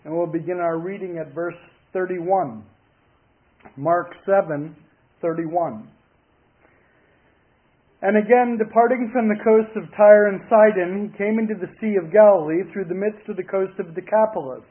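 A male pastor preaching a sermon, reading scripture aloud in a measured, deliberate way. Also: high voice, fairly even intonation. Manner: measured, deliberate reading in King James wording. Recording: tinny phone-like broadcast audio.

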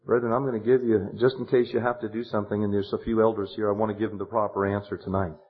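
A man preaching a sermon, retelling a counseling story, animated and swinging from hushed words to loud exclamations. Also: lowish voice, quick pace. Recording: dull lo-fi sermon tape.

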